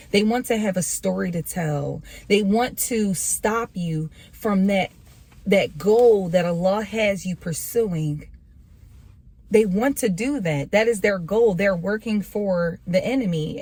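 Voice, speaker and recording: A woman's voice: mid-range voice, a little slow, a little mellow. A woman vlogger giving a casual, earnest motivational talk on faith, repeating phrases for emphasis in a preacher-like way.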